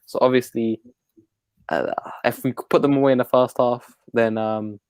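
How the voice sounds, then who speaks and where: A man co-hosting a casual football fan chat, talking in a relaxed, laid-back way. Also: medium pitch, moderate pace, clear, resonant tone, no echo. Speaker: co-host.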